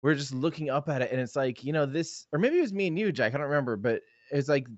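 A man's voice: fairly high pitch, lively intonation, fast talker, no room sound, dull audio. Rambling, enthusiastic male guest on a call. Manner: enthusiastic and rambling, many fillers. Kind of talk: casual live-show chat. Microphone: desktop mic on a video call.

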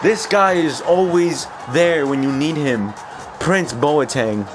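A young man giving excited live commentary while playing a football video game, cheering his players and laughing often. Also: fairly high pitch, takes it slowly, music in the background, crowd noise. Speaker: gaming YouTuber.

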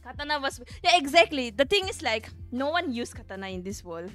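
A woman's voice: sits high, very animated, brisk, a bit bright, faint music behind. A young woman with an Indian accent, casually chatting and joking with her livestream viewers. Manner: playful, giggly, greets chat viewers. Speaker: livestream host. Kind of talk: casual stream chat.

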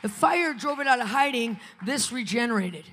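A woman preaching a live conference sermon, telling a testimony with dramatic swings between loud and hushed delivery. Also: fairly high pitch, animated, moderate pace, some chatter behind, a little hiss or hum. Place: conference venue. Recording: preaching in a large reverberant hall.

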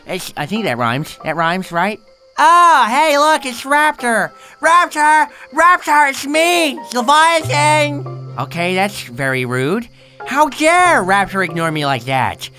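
A man voicing a friendly, goofy male sea monster who shouts eagerly in a game machinima. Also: high-pitched, huge pitch swings, unhurried, faint music behind, exaggerated voice. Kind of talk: game machinima role-play.

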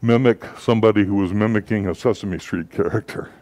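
A man giving a sermon as a pastor, telling stories in a relaxed, conversational way with frequent filler words. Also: on the low side, a little fast, no room sound.

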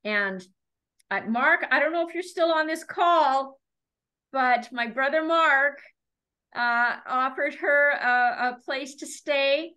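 Middle-aged woman with a high voice, earnest Bible teacher telling family stories on a video call. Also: slow, pushed and bright, low-quality recording. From Canada. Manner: earnest, storytelling, repeats words when moved. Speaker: Torah study teacher.

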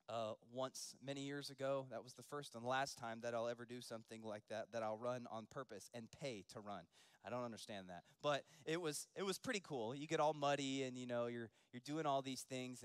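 A man preaching a sermon, moving from quiet storytelling to loud, rising preaching. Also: medium pitch, clean tone, dry recording. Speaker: pastor.

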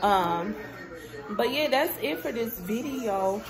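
A woman's voice: a little high, lively intonation, takes it slowly, a crowd in the background. A woman chatting casually to viewers about her grocery haul, a little sick with a sore throat and runny nose. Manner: chatty, talks straight to viewers, says y'all a lot. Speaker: vlogger.

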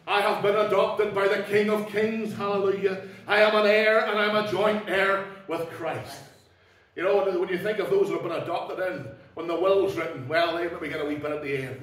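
A man preaching a sermon as pastor, emphatic, swinging between loud declarations and low, quiet asides. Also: steady tone, normal speed. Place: church. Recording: echoey church hall, mic at a distance.

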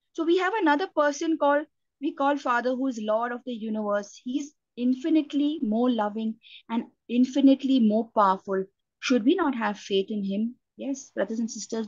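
A woman's voice: fairly high pitch, dry recording. An Indian woman preaching a sermon, earnest, often restarting her sentences with fillers. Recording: dull lo-fi, dry sound.

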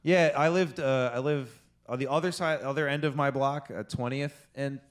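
A man co-hosting a podcast chats casually, rambling through stories and swearing a lot. His voice is mid-range with fairly even intonation and a normal speed.

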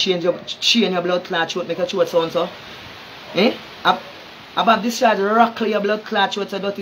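A man's voice: on the high side, slight background noise. A man with a Jamaican accent in an angry, confrontational social media rant, cursing constantly and tripping over repeated words. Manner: cursing heavily, stammering repeats; heated, confrontational.

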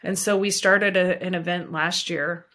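A woman's voice: lowish voice, steady tone, a little slow, pushed and bright. A woman in her forties, a podcast guest, telling a personal story in an earnest, heartfelt way. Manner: earnest, heartfelt, speaks with conviction.

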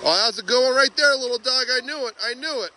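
A man vlogging outdoors by a pond, chatty and excited as he narrates while walking with a handheld phone. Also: very high voice, a little hiss or hum. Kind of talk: casual outdoor vlog commentary. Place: outdoors by a pond and beaver dam. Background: rushing water.

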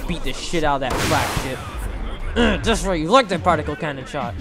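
A man giving excitable gameplay commentary, thinking aloud and swearing often. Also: on the high side, slow pace, gravelly. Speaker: gamer playing a mech game. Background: background music.

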